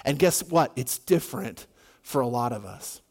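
Speaking at a normal speed with a medium-pitched, animated voice, a man preaches to his congregation. The sermon is relaxed and conversational, peppered with "you know," repeated words, and sentences he starts over.

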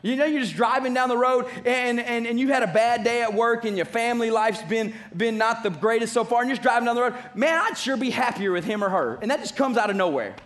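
A man's voice: very high voice, fast, hardly any pauses, a bit bright. A man preaching a sermon as pastor, emphatic and repeating his key phrases.

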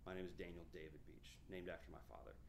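A pastor in his thirties works verse by verse through scripture, reading passages aloud with emphasis and explaining them conversationally, often restarting his sentences. His voice is low with little pitch movement and a quick pace, against a noisy background.

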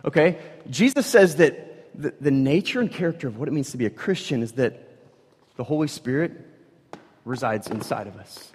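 Male pastor preaching, animated and conversational, emphatic bursts and hushed lows, medium pitch, long hall reverb. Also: moderate pace, breathy edge. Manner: animated, swings from loud emphatic bursts to hushed low lines. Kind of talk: sermon.

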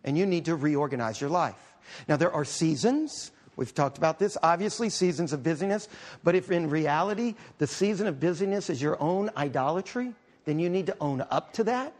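Male pastor, middle-aged, fairly high voice; conversational sermon full of humorous asides. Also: expressive, normal speed, darkish tone.

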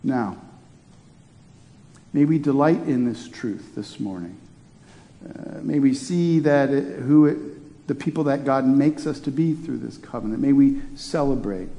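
A man's voice: medium pitch, a little slow, dark tone, big-room sound. A man preaching a sermon in a conversational way, often restarting his phrases. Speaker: pastor.

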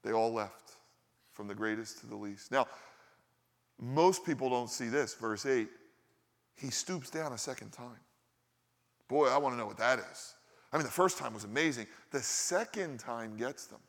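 A man's voice: medium pitch, normal speed, long pauses, a bit bright, long reverb tail. A male pastor preaching a sermon in a conversational style, asking his listeners rhetorical questions.

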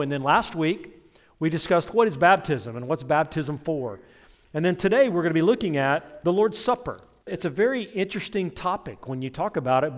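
A middle-aged man preaching a sermon as pastor, telling stories and making asides to his congregation. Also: fairly high pitch. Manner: conversational storytelling with asides to the congregation.

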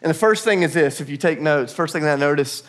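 Casting: middle-aged male pastor, slightly higher voice, casual earnest sermon delivery. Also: expressive, quick pace, a bit bright. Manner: earnest, conversational, laughs often.

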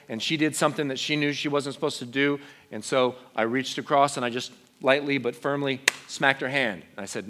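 A young man preaching a sermon to teenagers from a stage, earnest and conversational, dropping to quiet emotional tones. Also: mid-range voice, expressive, normal speed. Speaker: youth pastor.

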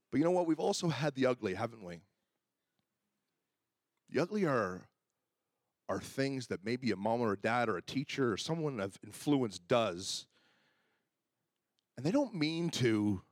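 A middle-aged man preaching a sermon as pastor, telling personal stories and acting out the dialogue with lively energy. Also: medium pitch, unhurried, long pauses, no echo, clean studio sound. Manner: animated storyteller who acts out dialogue.

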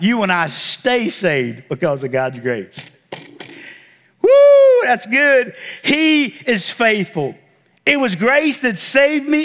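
A man's voice: extremely high pitch, pushed and bright. A man preaching a sermon to his church, drawing call-and-response from the congregation and stressing points with emphatic exclamations. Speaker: pastor.

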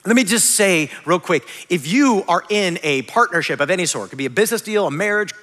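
A man's voice: high voice, animated, a little fast, fairly bright tone, in a large hall. A male pastor preaching a sermon in a conversational way, correcting himself and adding light humorous asides.

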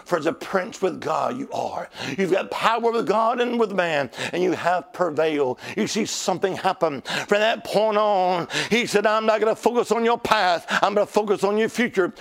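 A man's voice: high voice, vocal fry. A male preacher delivering a sermon, calling out to the congregation for responses.

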